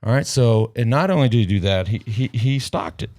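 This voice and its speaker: A man's voice: mid-range voice, brisk, a little mellow. A man hosting a podcast in casual chat, rambling and joking with plenty of swearing, into a headset mic. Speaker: podcast host.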